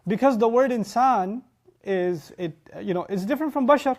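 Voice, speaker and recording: A man teaching about the Quran in an animated lecture, punching key words and acting out how listeners react. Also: very high-pitched, moderate pace.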